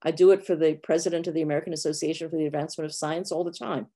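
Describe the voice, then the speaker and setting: A woman's voice: sits low, fairly even intonation, racing, dark tone. A woman in her sixties from New York, a professor answering questions frankly on a video call, with many fillers. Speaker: guest professor. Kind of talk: online Q&A answers.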